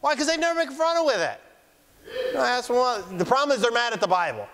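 Man, preacher, fiery sermon, mocking, shouting, smooth resonant voice. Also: very high-pitched, very animated, a little fast. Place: church sanctuary. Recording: long church hall reverb.

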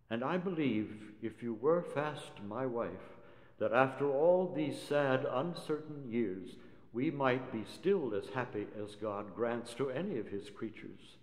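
A man's voice: medium pitch, natural voice. A man reciting poetry and voicing a humble, lovesick grown man who pleads earnestly and solemnly. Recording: roomy hall reverb.

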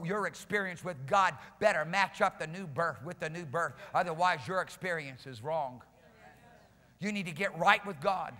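Male pastor, fiery sermon delivery, bright high voice, long church reverb. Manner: impassioned preaching, builds to shouting. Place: church sanctuary.

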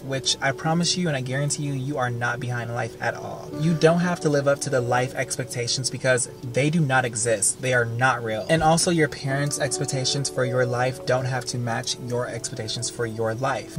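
Sassy young man, fairly high voice, casual vlog talk, music playing behind. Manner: sassy, campy, swearing freely. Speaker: vlogger. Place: Los Angeles, outdoors and at home.

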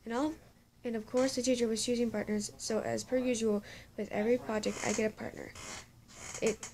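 A woman with a somewhat high voice reads a fan story aloud, stumbling over words and correcting herself as she goes. She stops now and then for exasperated asides. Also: fairly even intonation, brisk, a little mellow, a little hiss or hum. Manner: stumbling reading with frequent self-corrections; breaks off into laughing, exasperated asides. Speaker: story reader.

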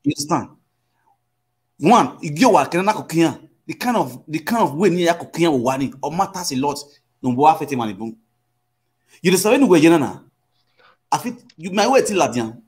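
A man's voice: fairly high pitch, expressive, fairly quick, long pauses, a little mellow, breathy edge. A man with a Nigerian accent lecturing in casual pidgin, often asking "you understand?".

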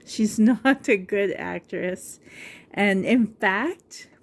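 A woman's voice: mid-range voice, extremely slow, gravelly. A middle-aged woman vlogging in a casual, rambling way, chatting to camera and laughing often.

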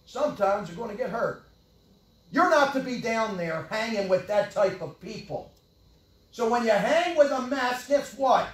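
An older man preaching a sermon with great passion, swinging from loud yelling to low mutters. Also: expressive, unhurried. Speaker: pastor. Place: church hall. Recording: echoey church hall, from far off.

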